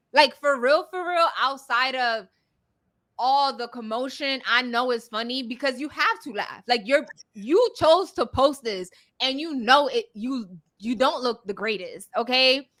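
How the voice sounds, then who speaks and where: A woman's voice: on the high side, pushed and bright. A young adult woman co-hosting a podcast, giving emphatic, preachy advice in casual chat. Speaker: podcast co-host.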